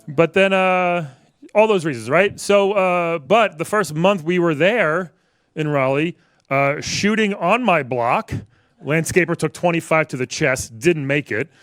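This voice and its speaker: A man in his forties from New York works through a stand-up set in a wry, conversational way. He keeps turning to the crowd to banter, and his speaking voice sits a little on the high side. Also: animated, measured pace, a bit bright, dry recording, studio quality. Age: 40s. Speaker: stand-up comedian. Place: comedy club stage with a live audience.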